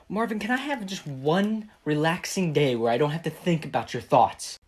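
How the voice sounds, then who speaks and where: A man's voice: on the high side, expressive, moderate pace, few pauses. A man in a comedy skit, reacting with exasperation. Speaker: comedy vlogger.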